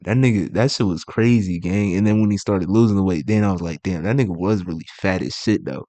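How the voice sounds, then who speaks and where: A young man riffs over clips in casual slang, chuckling between remarks. His voice sits low and the room sounds dry and close. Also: brisk, mellow, no room sound. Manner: loose, slangy, laughs often, talks over clips. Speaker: reaction video host. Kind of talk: casual reaction commentary.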